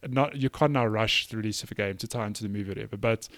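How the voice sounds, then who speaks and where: A man's voice: lowish voice, very fast, dry recording, clean studio sound. A man co-hosting a casual podcast chat, chatty and a bit hesitant, laughing often. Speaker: podcast co-host.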